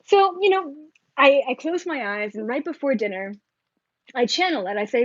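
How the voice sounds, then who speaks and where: A woman with a fairly high voice rambles excitedly to her viewers, her talk full of filler likes and quick asides. The sound is dry and a little dull, with no room around it. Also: dry recording. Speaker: spiritual vlogger. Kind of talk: casual monologue to viewers.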